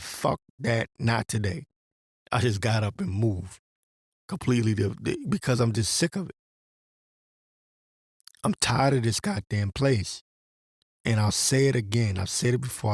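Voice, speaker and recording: A man who comments on religion gives a rambling, profane rant in monologue form, reading scripture along the way. He talks at normal speed with long pauses in a fairly low voice, and the sound is clean studio audio without echo.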